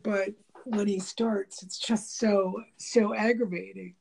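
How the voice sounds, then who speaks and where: A woman with a gravelly, low-key mellow voice talks in a loose, rambling way, full of fillers and restarts. She laughs often and acts out little snippets of dialogue as she goes. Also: takes it slowly. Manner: animated, laughing, mimics dialogue. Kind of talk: casual conversation about relationships.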